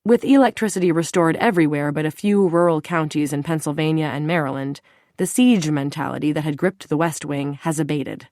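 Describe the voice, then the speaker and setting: A woman narrating an audiobook in a steady, even storytelling manner. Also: deep voice, a little fast, no echo, studio quality.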